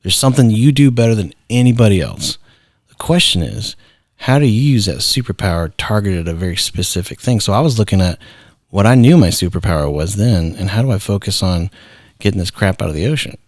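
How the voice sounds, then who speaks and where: Low-voiced man telling animated stories. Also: a little fast, no echo, studio quality. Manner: animated storyteller acting out quoted voices. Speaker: guest, founder and artist. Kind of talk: casual storytelling interview.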